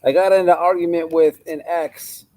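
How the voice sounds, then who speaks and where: A man telling a story in a casual live chat, halting and restarting his sentences. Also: fairly high pitch, fairly even intonation, a little mellow, poor audio. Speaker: co-host.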